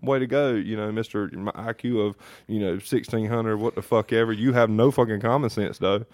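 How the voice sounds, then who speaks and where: Man, low voice, dry close sound, swearing, heated storyteller, casual podcast. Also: fairly even intonation, a little fast, a little mellow, no echo. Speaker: podcast co-host.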